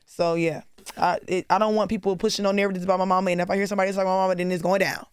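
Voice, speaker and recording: A woman's voice: mid-range voice, flat delivery, very fast, clean tone. A young woman speaking as a guest in a candid interview, blunt and profane, rambling with many fillers. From Atlanta. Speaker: rapper guest.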